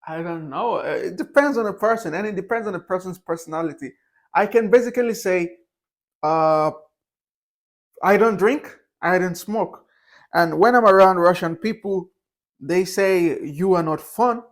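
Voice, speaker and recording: High-voiced man rambling casually. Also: moderate pace. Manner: candid, rambling, with frequent fillers and restarts. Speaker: vlogger. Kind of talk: casual opinion monologue.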